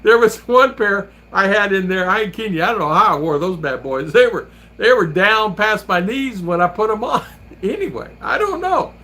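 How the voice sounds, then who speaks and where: A man's voice: high-pitched, lively intonation, moderate pace, bright, forceful tone. A man hosting a vlog, chatting casually and telling rambling stories while laughing often. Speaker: vlogger and host. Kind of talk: casual chat.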